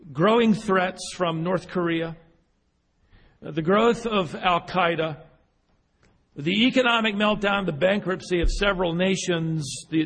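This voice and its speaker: A man's voice: high-pitched, a bit bright, breathy edge. Man preaching in a reverberant hall. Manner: halting, repeats words, then builds to emphatic peaks. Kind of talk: sermon with an illustrative story.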